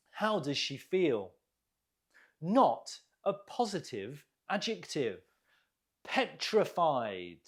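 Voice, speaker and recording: Patient ESL teacher: slow and deliberate, very expressive melody, clear careful enunciation, encouraging. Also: mid-range voice. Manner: deliberate, clearly enunciated, drills pronunciation with pauses for repeating; encouraging, gently praises learners. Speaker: English teacher. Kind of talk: online vocabulary lesson.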